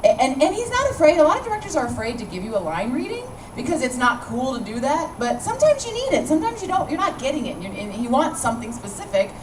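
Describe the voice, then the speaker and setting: A woman's voice: sits high, sing-song, fast, hardly any pauses. A woman with a slight Southern accent, a voice actor chatting enthusiastically with fans at a convention panel. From American South. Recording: distant mic in a noisy hall.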